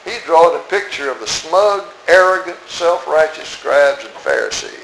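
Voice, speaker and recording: A man preaching an expository sermon in a church, emphatic, asking rhetorical questions and swinging between soft asides and raised outbursts. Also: fairly high pitch, lively intonation, normal speed, vocal fry, a little hiss or hum. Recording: roomy echo.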